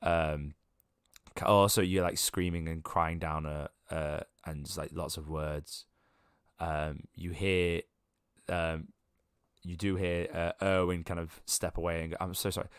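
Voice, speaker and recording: A man's voice: low voice, flat delivery, a little slow, clear, resonant tone, no room sound, studio quality. A man narrating as game master of a tabletop game, rambling casually with many ums and restarts.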